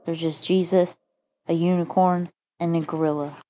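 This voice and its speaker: A woman voicing a sad, lonely mustached man in a silly story, whiny and sometimes squeaking. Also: flat delivery, normal speed, warm tone, natural voice. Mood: grumbling.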